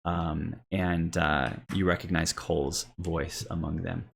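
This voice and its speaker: A man's voice: low-pitched, flat delivery, unhurried, gravelly, a bit bright, slight background noise. A man narrating a tabletop role-playing game as game master, rambling with many ums and restarts.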